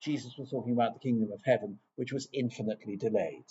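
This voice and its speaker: A man's voice: mid-range voice, fast talker, mellow, husky, lo-fi sound. A man from England giving an informal lecture on scripture, chatty and digressive with wry asides.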